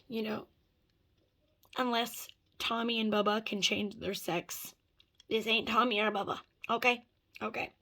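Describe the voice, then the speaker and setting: A woman's voice: mid-range voice, vocal fry. Woman vlogger just rambling, lots of cussing and "dude," everyday voice. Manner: rambling, profane, says "dude" and "like" a lot. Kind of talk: casual chat.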